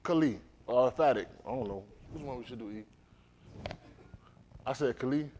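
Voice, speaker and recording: A man preaches a livestreamed sermon at a normal pace in a mid-range voice, with slight background noise audible. He is animated and conversational, often putting questions to the congregation.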